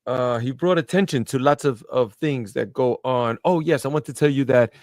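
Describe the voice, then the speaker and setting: A man from New York with a Brooklyn accent, hosting a podcast interview and telling stories in a lively, casual way, often tagging on "man" and "right?". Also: medium pitch, moderate pace, no echo, studio quality. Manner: animated storyteller, peppers talk with "man" and "right?". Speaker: podcast host.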